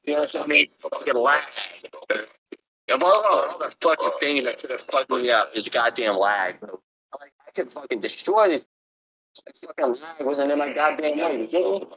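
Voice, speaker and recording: A man's voice: a little high, normal speed, sharp tone, husky, highs cut off. A man ranting angrily at friends in a gaming voice chat, swearing and repeating "bro". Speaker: gamer friend. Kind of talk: angry rant in voice chat.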